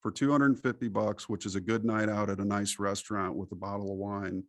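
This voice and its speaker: A middle-aged man from the United States, a podcast interview guest, talking in an animated, preachy storytelling way. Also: lowish voice, fairly quick, no room sound.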